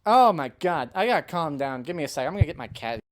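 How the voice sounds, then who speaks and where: A woman's voice: sits low, lively intonation, fast. A woman ranting in a video review, heated and exasperated, swearing freely and sighing between points. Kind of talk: ranting commentary.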